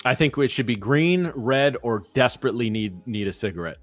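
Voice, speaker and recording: A man's voice: mid-range voice, lively intonation, a little fast, soft background music. A man co-hosting a live trading stream, rambling and joking with plenty of swearing. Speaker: trader co-host. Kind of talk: casual live-stream banter.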